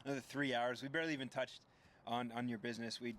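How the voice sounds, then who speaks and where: A man's voice: medium pitch, steady tone, quick pace, fairly bright tone, a little hiss or hum. A man hosting a podcast, wrapping up a casual interview with short, appreciative remarks. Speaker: podcast host.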